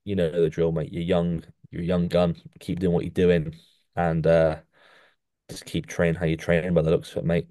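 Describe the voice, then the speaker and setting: A young man co-hosts a casual podcast, chatting as he rates physiques and sticking "mate" onto nearly every sentence in an animated coaching tone. His voice sits low at a normal speed, with clean studio sound and no room noise.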